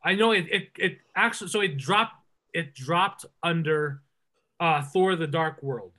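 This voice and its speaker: An enthusiastic man hosting a casual podcast. His voice sits high and sounds bright and forward. He rambles through his points with many fillers and restarts. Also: measured pace. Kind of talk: casual movie review chat.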